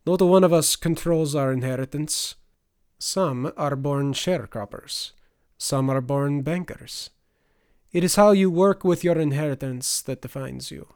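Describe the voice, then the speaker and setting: A man voicing a wry male merchant guide with a measured, dry way of speaking. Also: on the high side, a little mellow, smooth.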